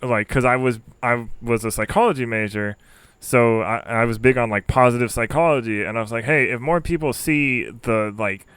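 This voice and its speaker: A man with a clear, smooth voice hosts a podcast interview in casual chat. He rambles and leans heavily on filler words. The sound is dry and close. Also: medium pitch, normal speed, a bit bright, no echo. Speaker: podcast host.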